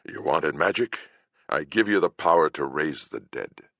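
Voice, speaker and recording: A man voicing a gruff, profane and irritable male healer who speaks bluntly and snarls when angry. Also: a bass voice, lively intonation, moderate pace, a bit bright, no room sound, exaggerated voice.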